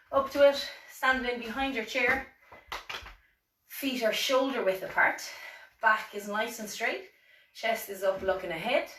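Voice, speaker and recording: A woman's voice: fairly high pitch, fairly bright tone. A woman with an Irish accent leading a seated exercise class, encouraging and counting reps with light self-deprecating asides. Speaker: fitness instructor. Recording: echoey room, voice from far off.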